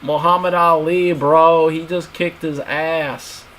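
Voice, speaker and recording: A man's voice: on the high side, fairly even intonation, takes it slowly, fairly bright tone, slight background noise, rough recording. A man streaming, ranting bluntly and crudely in a casual, repetitive way.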